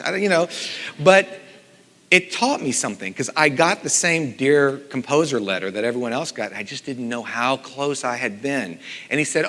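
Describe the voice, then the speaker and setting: A middle-aged man, a composer and teacher, giving a conference talk with animated storytelling and lively voiced quotes. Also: mid-range voice, brisk. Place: conference hall. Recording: long hall reverb.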